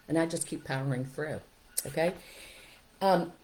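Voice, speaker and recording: Low, mellow-voiced woman giving parenting advice. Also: fairly quick, low-quality recording. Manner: upbeat, coaching, checks in with "okay?" and "right?". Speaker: parenting podcast host. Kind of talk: encouraging advice talk.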